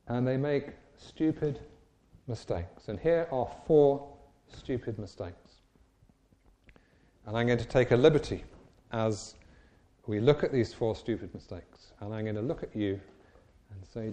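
A man preaches with a mellow, warm voice. He retells the scripture story in an emphatic, animated way, and his pitch sits in a middle range. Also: measured pace, long pauses. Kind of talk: sermon.

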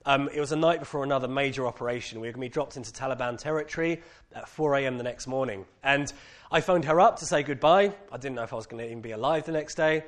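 A fast talker with a medium pitch and a British accent, he shares his personal testimony with a crowd. The telling is candid and animated, dotted with many casual fillers.

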